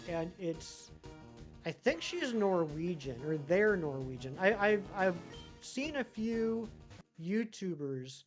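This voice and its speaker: Rambling live streamer answering chat. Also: mid-range voice. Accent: general American. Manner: reads chat messages aloud and answers them in a rambling way.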